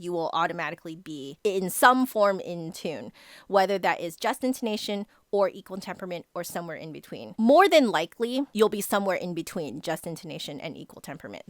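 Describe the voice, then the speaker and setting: A woman flute teacher casually answering viewer questions in a relaxed, explanatory way. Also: mid-range voice, dry recording, clean studio sound. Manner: explanatory, relaxed, hedges with "kind of".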